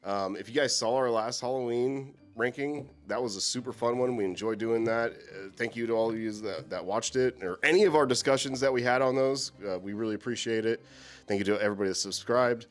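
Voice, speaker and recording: A man co-hosting a casual chat about horror movies, animated and swearing freely. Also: mid-range voice, brisk. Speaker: co-host.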